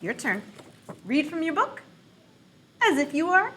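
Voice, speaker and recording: A woman who works as a children's librarian hosts a playful read-aloud program for kids. She talks in an animated, silly and encouraging way. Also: high voice, a little slow, a little hiss or hum. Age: adult parent.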